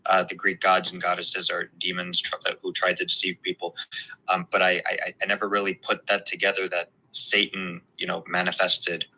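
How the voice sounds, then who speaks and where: A man's voice: low voice, monotone, brisk, sharp tone, poor audio. A man hosting a casual interview, hesitant and stumbling over his words, often sounding amazed. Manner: hesitant, many fillers and restarts, amazed.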